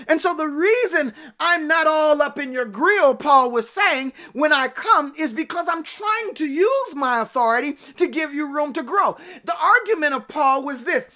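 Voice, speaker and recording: A woman's voice: sits high, animated, moderate pace, few pauses, pushed and bright. A woman preacher delivering a fervent sermon, calling out to her congregation by name and rising to emphatic peaks.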